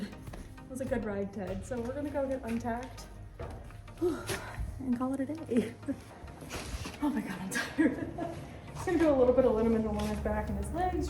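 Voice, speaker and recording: A woman horse rider narrating her vlog in a chatty, self-deprecating way, over background music. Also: fairly high pitch.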